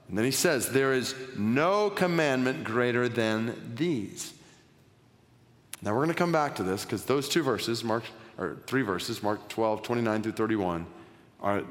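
A man preaching a sermon as a pastor, earnest and building in energy as he stresses his points. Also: mid-range voice. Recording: long hall reverb.

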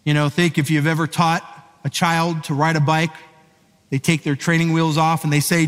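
A man preaching a sermon, chatty and storytelling, pausing to question his listeners. His voice sits a little high, and it rings out with a long hall reverb. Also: flat delivery, a bit bright. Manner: conversational storytelling, asks the audience questions. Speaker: pastor. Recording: echoey hall.

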